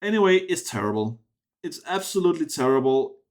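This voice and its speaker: A man's voice: a little high, sing-song, a little fast. A man giving a casual spoken film review, rambling with many restarts and sounding dismissive and sardonic.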